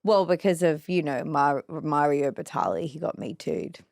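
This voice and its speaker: A woman's voice: low-pitched, normal speed, vocal fry, a little mellow, no room sound. Playful Australian woman, dry close sound. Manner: playful, rambling storyteller. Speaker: podcast guest. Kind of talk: casual chat.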